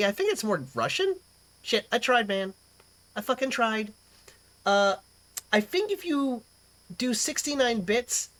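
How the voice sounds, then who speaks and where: A young woman hosting a live stream, chatting casually, rambling and swearing freely as she reacts to chat. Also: medium pitch. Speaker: livestream host.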